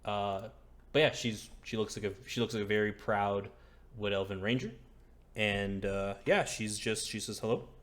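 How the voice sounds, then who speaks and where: A man's voice: fairly low pitch, steady tone, normal speed, fairly bright tone. A man narrating as game master in a casual, hesitant way with many fillers.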